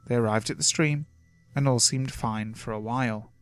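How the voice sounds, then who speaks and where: A man reading first-person scary stories from the woods as scripted horror narration, steady and measured. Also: mid-range voice, clear, resonant tone. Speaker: creepypasta narrator. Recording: faint music underneath.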